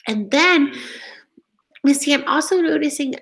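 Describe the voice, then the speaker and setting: A woman teacher giving a reading lesson to young children, reading poems aloud in a slow, expressive, sing-song way. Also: high-pitched, gravelly.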